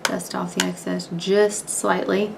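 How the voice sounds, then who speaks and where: A young woman talks through a makeup demo in a loose, candid chat, naming each step as she goes. Her mid-pitched voice has a gravelly, fry-laden edge, with a faint hiss under the recording. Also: little pitch movement, a little slow. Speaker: beauty vlogger. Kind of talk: casual makeup tutorial and review.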